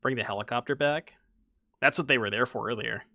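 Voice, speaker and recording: A man's voice: medium pitch, a little fast, gravelly, bright, forceful tone, dry recording, clean studio sound. A young man streaming a card game, chatting casually with his audience and joking about himself. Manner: chatty, self-mocking, talks to chat. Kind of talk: casual gameplay commentary.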